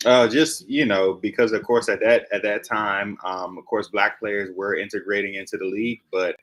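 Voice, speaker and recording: A man co-hosting a casual podcast, talking in a relaxed, hesitant way full of "you know" and "um". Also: fairly low pitch, normal speed. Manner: relaxed, hesitant, heavy on fillers. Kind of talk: casual chat.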